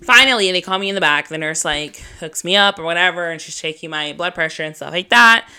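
A woman's voice: lowish voice, fast talker, sharp tone, clean tone. A woman hosting a podcast who tells a personal story in a casual, chatty way. She swears freely, leans on "like", and laughs at herself between lines. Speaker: podcast host.

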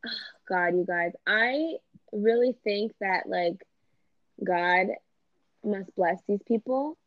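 Blunt, animated woman chatting casually. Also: medium pitch, slow, no room sound. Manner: blunt, animated, swearing, acts out quotes. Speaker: podcast co-host. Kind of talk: casual chat. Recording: dull lo-fi sound.

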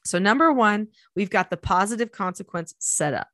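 A middle-aged woman hosting a parenting podcast, explaining steps in a steady, instructive way. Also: mid-range voice, normal speed, no echo. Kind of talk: casual advice chat.

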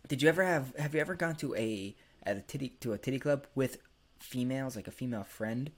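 A man's voice: mid-range voice, fast talker. A young man hosting a podcast, telling crude, rambling stories and laughing often. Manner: crude, rambling storyteller who laughs a lot. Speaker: podcast host. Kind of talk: casual podcast chat.

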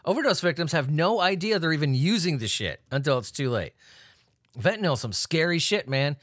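Male host, fairly high voice, foul-mouthed sarcastic news riffing, dry booth sound. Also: lively intonation, brisk, fairly bright tone, dry recording. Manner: swearing, laughing, sarcastic asides. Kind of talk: profane comedic news commentary.

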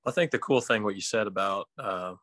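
A man who is a podcast guest and professional pitcher, speaking reflectively and stopping to rephrase his thoughts. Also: brisk, fairly bright tone, no echo. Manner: reflective, searches for words and rephrases. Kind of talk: casual podcast conversation.

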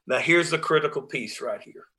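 A man's voice: on the high side, normal speed, sharp tone. A man leading a reading group, reading passages aloud and then explaining them in an emphatic, conversational way. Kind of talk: reading aloud and commenting on a text.

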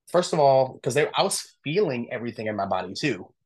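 A man speaks as a podcast guest in a mid-range voice and tells a personal story in a relaxed, informal way. He talks candidly and animatedly, uses plenty of "I'm like" asides, and acts out bits of remembered conversation as he goes. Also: medium pitch, quick pace, few pauses. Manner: animated, acts out quoted dialogue.

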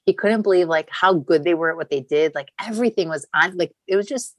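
A woman's voice: lowish voice, fast talker, dry recording, rough recording. A woman in her thirties, a podcast guest, telling a long personal story in a chatty, candid way with casual swearing.

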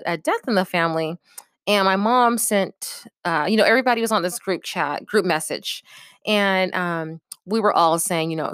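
A woman's voice: fairly low pitch, fairly bright tone, clear, resonant tone, dry recording, clean studio sound. Direct, coaching woman giving advice. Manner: direct, coaching, often checks in with "okay?". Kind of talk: casual advice talk to camera.

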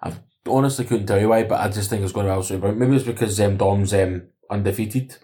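A man's voice: on the low side, fast, mellow. A man in casual sports chat, chatty and keen, co-hosting a podcast. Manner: chatty, keen, quotes records. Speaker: podcast co-host.

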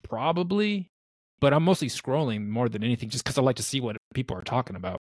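Male co-host, mid-pitched, easygoing and rambling, dry close sound, casual chat. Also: animated, fast talker, dry recording. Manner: easygoing, rambling, acts out quotes. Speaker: podcast co-host.

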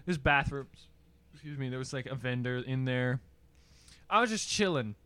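A young man co-hosting a podcast, telling a rambling story in a laid-back way with deadpan asides. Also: medium pitch, normal speed, no room sound. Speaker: podcast co-host. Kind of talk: casual storytelling.

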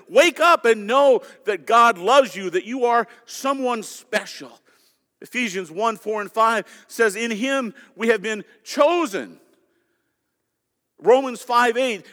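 Male pastor, high voice, emphatic sermon with questions to the congregation, recorded in a reverberant church hall. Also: sharp tone. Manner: emphatic preaching with scripture quotes and direct questions to the congregation. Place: church sanctuary.

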